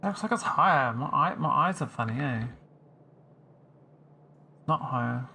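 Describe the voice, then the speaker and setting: A man's voice: mid-range voice, expressive, normal speed, creaky, sharp tone, slight background noise. A man streaming a game, chatting casually and teasing his viewers while he thinks aloud. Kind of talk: casual live-stream chat while playing.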